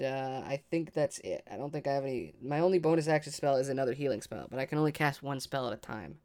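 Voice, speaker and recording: A tabletop game player thinking aloud, excitable and swearing freely. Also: medium pitch. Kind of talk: casual tabletop game play.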